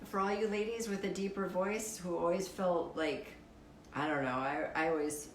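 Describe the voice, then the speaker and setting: A woman with a deep, raspy voice hosting a casual live stream, reading out fun facts and viewer comments in a wry, playful way, swearing freely. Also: fairly even intonation, normal speed, roomy sound, slight background noise, low-quality recording.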